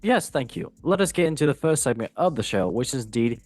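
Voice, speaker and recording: A man's voice: medium pitch, sing-song, fast, darkish tone, dry recording. A man hosting a casual football podcast, reading news in a chatty, jokey way and tripping over words now and then. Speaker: host.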